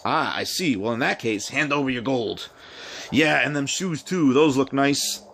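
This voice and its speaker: A man voicing a pair of bumbling, cocky male road bandits in a rough, slangy Cockney accent. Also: mid-range voice, measured pace, a bit bright. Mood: menacing.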